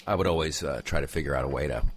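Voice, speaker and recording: A man's voice: extremely low pitch, racing, husky. A man hosting a comedy radio show, chatting casually in a rambling, jokey way with lots of fillers.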